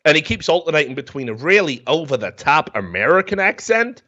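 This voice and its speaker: A man's voice: fairly high pitch, very animated, brisk, bright, forceful tone. A man, hosting a talk show and ranting comically about a film in a profane, rambling, mocking way. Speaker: podcast host. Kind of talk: comedic film rant. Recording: dull lo-fi sound.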